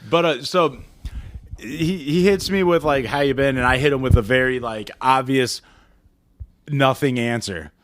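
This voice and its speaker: A man co-hosting a casual podcast, telling crude stories with lots of swearing and squeaky acted-out quotes. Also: unhurried, fairly bright tone, no echo. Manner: storytelling, swears freely, acts out quotes in squeaky voices. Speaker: podcast co-host.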